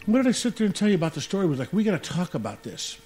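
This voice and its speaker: A man's voice: sits high, big pitch swings, fast, darkish tone. A man co-hosting a radio show, chatting casually in a rambling, joking way and often saying "man". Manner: rambling, jokey, says "man" a lot. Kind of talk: casual chat.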